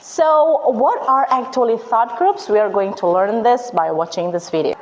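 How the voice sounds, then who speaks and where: A woman's voice: a little high, normal speed, highs cut off, slight background noise. A woman teaching an English class at a university, asking her students questions and prompting their answers in a classroom.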